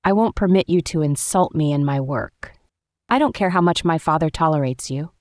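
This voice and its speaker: A prim, strict young businesswoman, read by a woman, formal and clipped in every word. Her voice sits low and the recording is dry and close, like a storybook audiobook. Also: normal speed, darkish tone, dry recording, lightly acted. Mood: stern.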